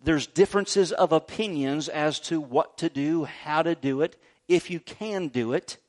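A middle-aged male pastor giving a sermon in an animated, jokey way, often checking in with "right?". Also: a little high, a little slow. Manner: animated, jokey preaching with frequent "right?" asides.

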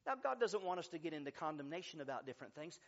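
A man's voice: a little high, sing-song, rapid-fire, muffled recording. A middle-aged male pastor preaching a sermon, emphatic and repetitive, a little stuffy from sinus trouble. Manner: preachy, emphatic, repeats key lines.

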